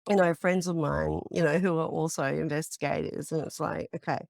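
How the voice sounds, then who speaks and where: A woman's voice: low voice, steady tone, brisk, gravelly, a little mellow, dry recording, clean studio sound. A woman, a psychic paranormal investigator, telling stories in casual podcast chat with lots of fillers. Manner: chatty storytelling with many fillers.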